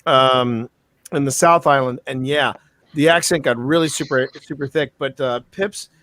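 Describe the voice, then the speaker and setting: Bright-voiced man rambling through a story. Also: mid-range voice, moderate pace. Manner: rambling storyteller, restarts, mimics accents. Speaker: podcast co-host. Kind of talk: casual chat.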